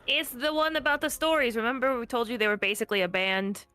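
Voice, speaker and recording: A woman's voice: fairly high pitch, steady tone, fast talker, bright, forceful tone, smooth, faint music behind. A woman player chatting casually and playfully at a tabletop game.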